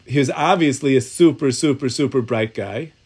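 A man's voice: medium pitch, normal speed, a little mellow, slightly rough. A man teaching a Talmud and halacha class in a synagogue study hall, thinking aloud, often restarting sentences and mixing Hebrew terms into his English.

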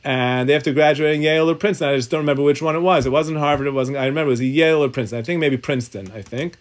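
A man's voice: a little high, very fast. A man teaching a Talmud and halacha class in a synagogue study hall, thinking aloud, often restarting sentences and mixing Hebrew terms into his English.

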